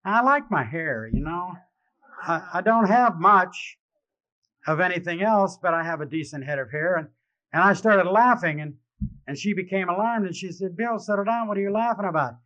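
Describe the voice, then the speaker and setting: A man in a convention hall, speaking from a podium in a slightly high voice, mixes self-mocking humor with halting emotion and frequent restarts. It is a dull, lo-fi archival recording, as if played from an old tape. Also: animated, bright, forceful tone. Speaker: speaker sharing his recovery story. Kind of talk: live personal testimony speech.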